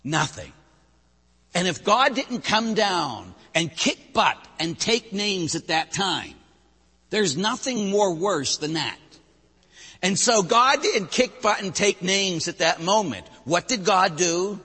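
A man, a Catholic priest preaching a sermon, swinging between loud bursts and hushed drops. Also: high voice, big pitch swings, slow pace, breathy edge. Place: church. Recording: long church reverb.

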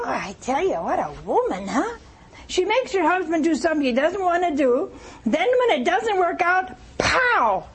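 A woman preaches a sermon, retelling a scripture story and adding lively rhetorical asides to her congregation. Her voice sits high.

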